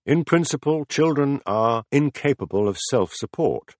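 A man voicing a patient philosopher who explains ideas step by step in a measured, deliberate audiobook reading. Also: medium pitch, expressive, no echo, close to an everyday voice. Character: calm, patient male teacher explaining ideas. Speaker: philosopher in a dialogue.

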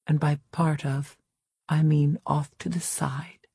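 A woman narrating a novel in the first person, in a measured, reserved way. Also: low-pitched, steady tone, creaky, warm tone, slightly rough, dry recording, clean studio sound. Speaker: audiobook narrator. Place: recording studio. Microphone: close studio mic.

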